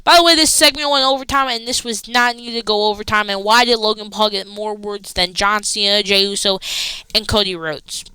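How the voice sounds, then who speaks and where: A woman casually recapping a wrestling show, rambling excitedly with slangy asides. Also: medium pitch, fairly quick, clear, resonant tone, dry recording, rough recording.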